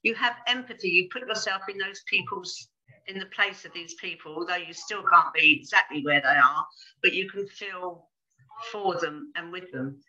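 Older woman, retired pastoral assistant, very bright sharp voice, earnest, gentle, casual podcast chat. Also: lowish voice, normal speed, lo-fi sound.

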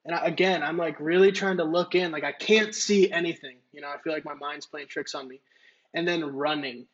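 Dude telling a story on a podcast, cussing, lots of likes, kinda muffled lo-fi sound. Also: male voice, fairly high pitch, fairly even intonation, a little fast. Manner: rambling, profane, filler-heavy. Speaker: podcast co-host. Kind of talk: casual storytelling.

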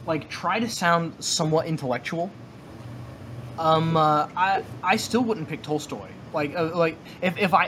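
Halting, opinionated male podcast co-host. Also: a little high, fairly bright tone, slight background noise. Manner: halting, many fillers and restarts. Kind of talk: casual podcast discussion.

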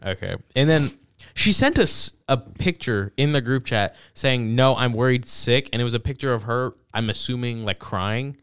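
A young man co-hosting a casual podcast, retelling a story and reading out text messages with halting restarts. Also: mid-range voice, a bit bright, clear, resonant tone, no echo, studio quality. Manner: reads out texts, retells events with halting restarts. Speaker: podcast co-host. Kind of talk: casual chat.

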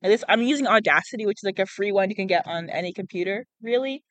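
A woman's voice: medium pitch, fast talker, dry recording, rough recording. A young woman hosting a casual podcast, reading a book aloud and chatting, often tripping over words and laughing, on a cheap small mic outdoors. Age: young adult. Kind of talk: casual read-aloud with chat. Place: outdoors in a public spot. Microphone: cheap small microphone.

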